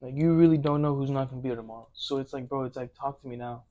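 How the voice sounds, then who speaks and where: Man, young adult, mid-pitched voice, earnest slangy podcast chat. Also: steady tone, very fast, narrow, tinny audio.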